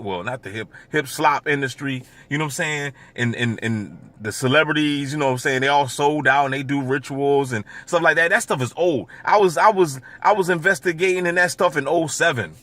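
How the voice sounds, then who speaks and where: A man's voice: on the high side, brisk, hardly any pauses, fairly bright tone. A man vlogging in a casual, rambling monologue, with stammering repeats and constant filler asides.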